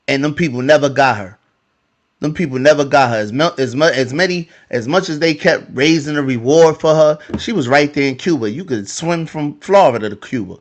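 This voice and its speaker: A man hosting a heated podcast debate, arguing and repeating himself. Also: mid-range voice. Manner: argumentative, repeats phrases.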